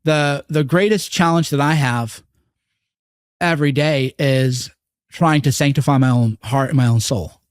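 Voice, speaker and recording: A man's voice: mid-range voice, measured pace, clean tone, dry recording. Earnest, profane man, dry studio sound. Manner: earnest, profane, mimics voices in quotes. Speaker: guest. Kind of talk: candid interview conversation.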